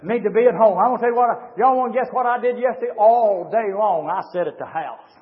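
A man preaching a fiery revival sermon in a church, swinging from shouted, rising lines to low, quiet asides. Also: fast. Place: church sanctuary with a congregation. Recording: dull lo-fi 1990s church recording with long reverb.

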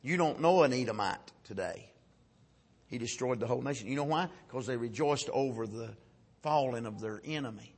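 A man preaching a folksy sermon, swinging from loud shouted peaks down to low, quiet asides. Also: animated, normal speed, husky.

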